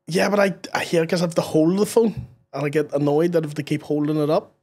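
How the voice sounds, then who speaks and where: A man's voice: a little high, fast talker, a little mellow. A man with a Northern Irish accent trading teasing, swear-laden banter in a casual podcast chat.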